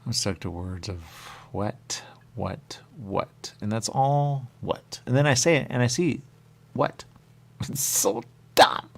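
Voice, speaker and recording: A man talking in a rambling, repetitive radio monologue, dropping to whispers and jumping to sudden high exclamations. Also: lively intonation, slow, gravelly. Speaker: radio host.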